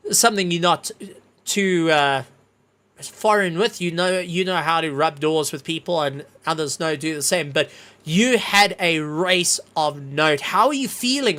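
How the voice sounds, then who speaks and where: A race commentator giving live sim racing play-by-play from a commentary box, excitable and at times breathless, then chatting with drivers. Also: mid-range voice, a little slow.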